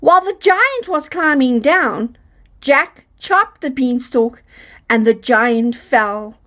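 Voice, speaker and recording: A woman storyteller reading a children's fairy tale aloud, slowly and expressively. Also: high-pitched. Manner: slow, expressive read-aloud.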